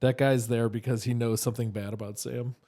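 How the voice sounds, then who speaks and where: A man co-hosting a comedy podcast in a studio, trading deadpan sarcastic quips and laughing often. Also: mid-range voice, fairly quick. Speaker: podcast co-host. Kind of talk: casual comedy banter.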